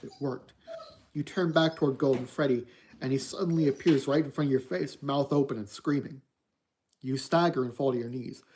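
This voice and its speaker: Streamer reading a spooky book out loud, mellow darker voice, steady pace. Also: mid-range voice, a little hiss or hum. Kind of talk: reading a story aloud on stream.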